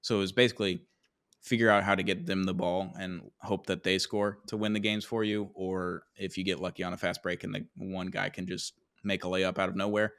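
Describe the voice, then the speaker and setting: A man's voice: sits low, level tone, a bit bright, clean tone. A young man hosting a casual sports podcast, upbeat and full of fillers. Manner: upbeat, quick sponsor reads with filler words. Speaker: podcast host.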